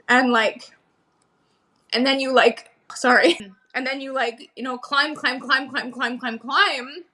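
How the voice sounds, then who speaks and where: A woman guest talks openly in a relaxed podcast chat. Her voice sits a little high and rings bright. She rambles through fillers and laughs easily. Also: unhurried. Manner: chatty, filler-heavy, laughs often, swears casually. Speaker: podcast guest, coaching client. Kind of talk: casual candid conversation.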